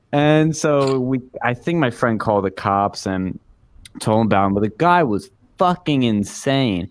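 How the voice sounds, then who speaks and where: A young man spins a loose, profane anecdote on a podcast, jumping in pitch to act out the people he quotes. His voice sits dry and close, with no room sound around it. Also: lively intonation, moderate pace, no echo. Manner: rambling, profane, acts out quoted speech. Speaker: podcast host. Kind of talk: casual podcast storytelling.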